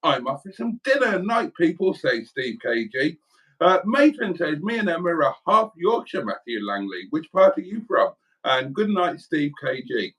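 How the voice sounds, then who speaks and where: A man's voice: on the high side, big pitch swings, normal speed, fairly bright tone, husky, low-quality recording. A man co-hosting a home livestream, jovially reading out viewer comments and adding wry asides. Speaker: livestream co-host. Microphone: home livestream setup.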